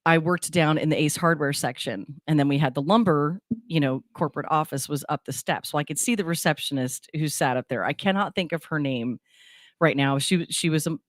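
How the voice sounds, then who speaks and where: A woman's voice: deep voice, a little fast, dry recording, clean studio sound. A woman in her forties co-hosting a radio show, chatting casually in a rambling way with many restarts. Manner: rambling, frequent restarts and fillers. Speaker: radio co-host. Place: radio studio. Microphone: studio microphone.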